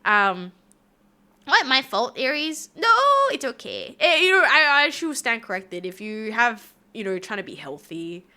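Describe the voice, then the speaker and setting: A woman's voice: fairly high pitch, sing-song, moderate pace, sharp tone. A woman from Australia with an Australian accent, chatting casually on a livestream in a bubbly, rambling, giggly way. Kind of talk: casual stream chat reading viewer comments.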